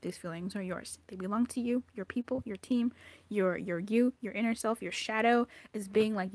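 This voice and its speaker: A woman's voice: medium pitch, brisk, darkish tone, no echo. Blunt, profane woman tarot reader. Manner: blunt and profane, exasperated scolding. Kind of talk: intuitive card reading.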